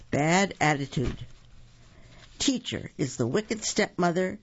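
Playful read-aloud narrator, gravelly, husky, lo-fi. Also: mid-range voice. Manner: slow, animated and playful, self-correcting. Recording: dull lo-fi recording.

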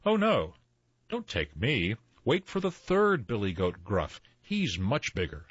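A man's voice: on the low side, huge pitch swings, slow pace, slightly rough, no echo, full character voice. A middle-sized billy goat from a storybook pleads nervously in a raised voice, as an older man puts him on. The recording sounds a little dull and dry. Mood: pleading.

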